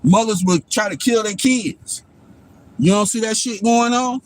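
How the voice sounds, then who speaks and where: An unhurried, high-voiced man, an adult father, rants on his livestream. The casual monologue rambles along, profane and preachy, and he keeps asking "you know what I'm saying."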